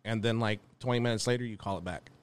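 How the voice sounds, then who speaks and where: A man's voice: fairly low pitch, fairly even intonation, fast, a little hiss or hum. A young man, a comedian, telling crude stories in a casual podcast chat, swearing freely and laughing often. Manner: profane, storytelling, laughs often. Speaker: comedian guest.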